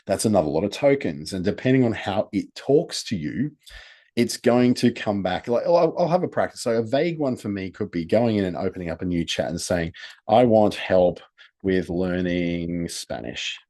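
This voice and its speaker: A man's voice: fairly low pitch, lively intonation, brisk, warm tone. A man casually talking through a screen-share tutorial, explaining step by step and counting items aloud. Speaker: presenter.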